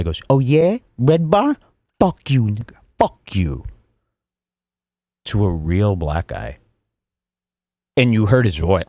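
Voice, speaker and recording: A man's voice: mid-range voice, no room sound. A man hosting a podcast, commenting heatedly and mockingly and swearing freely. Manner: animated, mocking, swears freely, swings between loud and muttered. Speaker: podcast host.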